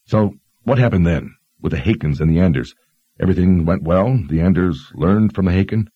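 A man's voice: low voice, a little fast, slightly rough, dry recording, muffled recording. A man voicing a curious young male traveller who asks questions and gives practical instructions.

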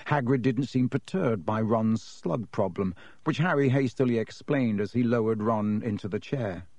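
A man narrating a children's novel as an audiobook reader, telling the story in a lively way. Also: medium pitch, normal speed, no room sound. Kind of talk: scripted narration.

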